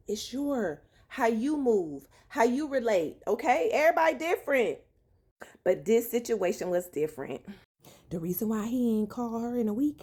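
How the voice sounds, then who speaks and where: Animated high-voiced woman vlogging. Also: normal speed, slightly rough. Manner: animated, slangy, dramatic retelling with swearing. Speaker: relationship advice vlogger. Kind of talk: casual storytelling monologue.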